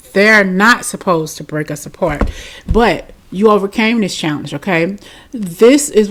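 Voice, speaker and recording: A woman giving a tarot reading, talking straight to her viewers in a chatty, reassuring way and often tagging lines with "okay?" and "you know". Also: on the low side. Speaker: tarot reader. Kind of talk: tarot reading talk to camera.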